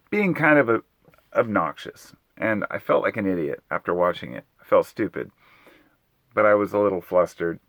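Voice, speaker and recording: A middle-aged man with a lowish voice tells a personal story, rambling and animated as he acts out what everyone said. The sound is dry and close, with no room around it. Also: dry recording. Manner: rambling, animated retelling with acted-out quotes. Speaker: vlogger telling a personal story. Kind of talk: casual storytelling monologue.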